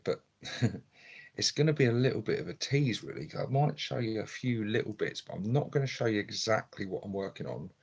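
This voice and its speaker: A man chatting quietly and casually on a live stream at home, filmed on his phone, rambling with lots of ums. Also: lowish voice, husky. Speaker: hobby streamer. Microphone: phone camera.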